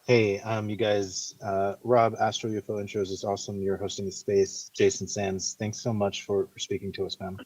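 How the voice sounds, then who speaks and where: A very deep man with a flat, husky voice asks his question eagerly and trips over his words. He sounds set back from the mic, with a dry sound. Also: moderate pace, hardly any pauses, no echo, recorded from a distance, low-quality recording. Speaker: audience member asking a question. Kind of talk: casual question in a live audio chat room.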